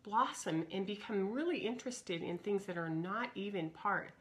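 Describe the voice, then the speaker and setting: A woman's voice: medium pitch, normal speed. A middle-aged woman speaking in a live broadcast, earnest and searching, who often repeats her key words. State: coughing fits, throat trouble. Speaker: speaker on personal growth. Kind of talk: live broadcast talk to viewers.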